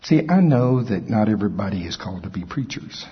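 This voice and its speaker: A man preaching a sermon as pastor, telling folksy stories with self-mocking humor and a husky, raspy voice. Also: on the low side, expressive, brisk. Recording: echoey hall, dull lo-fi sound.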